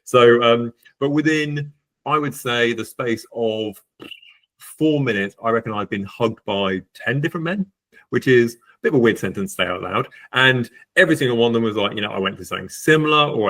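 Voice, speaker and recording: A man's voice: medium pitch, a little fast, a bit bright. A man, a guest on a podcast, telling his own story candidly, with lots of fillers and restarts. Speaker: podcast guest, estate agent.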